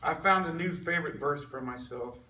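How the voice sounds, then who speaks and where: A man's voice: fairly high pitch, fairly quick, bright, forceful tone. A man giving an earnest personal testimony to a men's group, telling his story in a conversational way. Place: meeting room with a group listening. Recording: echoey room recorded from far off.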